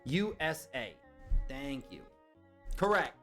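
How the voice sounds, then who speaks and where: A man's voice: mid-range voice, sing-song, takes it slowly, fairly bright tone, soft background music. A young man chatting casually on a live stream, guessing along with his chat and reacting to their comments.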